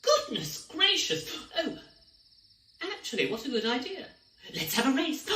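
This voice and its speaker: A woman telling a story with playful, theatrical energy, her fairly high voice leaping up and down across a wide range. She sounds like she is in a roomy, echoey space, with music running behind her. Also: huge pitch swings, normal speed, sharp tone. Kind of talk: interactive children's storytelling.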